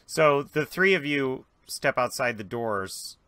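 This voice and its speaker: A man narrating as game master, dramatic and lively, jumping into voices for characters. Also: mid-range voice, slow pace, clear, resonant tone, no echo.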